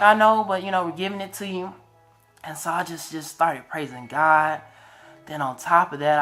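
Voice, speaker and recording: Emotional young man telling his story. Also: medium pitch. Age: 20s. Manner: animated, emotional, religious. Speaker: vlogger. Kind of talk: casual storytelling testimony.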